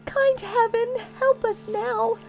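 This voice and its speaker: A high, frightened little girl. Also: huge pitch swings, takes it slowly, music in the background, heavily acted. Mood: despairing. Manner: pleading, high and fearful.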